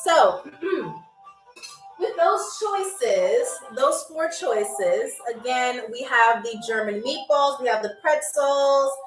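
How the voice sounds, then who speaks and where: A woman hosting a live stream as a playful flight attendant, chatty and animated, calling viewers y'all. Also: high-pitched, slow, distant mic. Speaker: host playing a flight attendant on a live game show. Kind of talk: playful live-stream role-play as stewardess. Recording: echoey room, off-mic, faint music.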